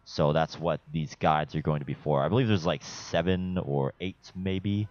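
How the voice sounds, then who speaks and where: A man's voice: rumbling low, steady tone, moderate pace, a little mellow, muffled recording. A young man giving a casual gameplay walkthrough, laid-back and chatty, swearing casually as he explains each step. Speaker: gameplay guide narrator.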